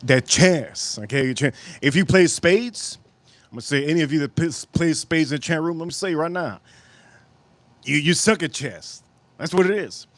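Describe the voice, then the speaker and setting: A man's voice: a little high, dry recording. A man hosting a live cooking and whiskey stream, rambling and joking off on tangents while thanking viewers and reading their messages aloud. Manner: rambling, jokey, goes off on tangents. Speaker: livestream host of a cooking and whiskey channel.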